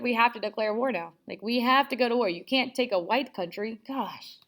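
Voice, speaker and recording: A woman's voice: a little high, fairly quick, few pauses, a bit bright. Chatty sarcastic woman teaching history. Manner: chatty, sarcastic asides, acts out quotes. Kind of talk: casual history lesson.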